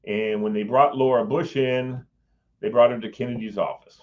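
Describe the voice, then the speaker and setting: A man's voice: mid-range voice, fairly even intonation, moderate pace. A man telling a personal story in a rambling, casual way, with some swearing, acting out what others said. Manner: rambling, swears, acts out quoted voices. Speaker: former Capitol Hill staffer telling a story. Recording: dull lo-fi audio.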